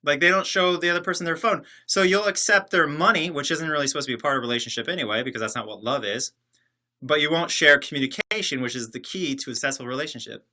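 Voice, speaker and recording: Sarcastic man with a sharp, bright voice. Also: a little high, fast talker. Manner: sarcastic, joking, rambling. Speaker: livestream host reading chat. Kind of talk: casual livestream chat. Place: separate building, alone.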